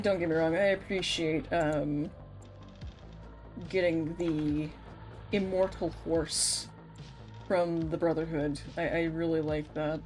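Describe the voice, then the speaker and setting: A woman's voice: sits low, a little mellow. A young woman streaming a game, chatting casually and playfully with frequent laughs. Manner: playful, laughs often, scolds in mock threats. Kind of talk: casual gameplay chat.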